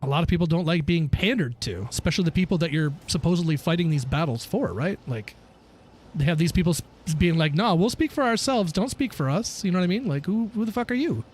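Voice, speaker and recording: A man streaming a game and chatting casually with viewers, animated and profane, ranting between laughs. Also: on the high side, fast talker, a little hiss or hum. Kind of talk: casual livestream chat while gaming.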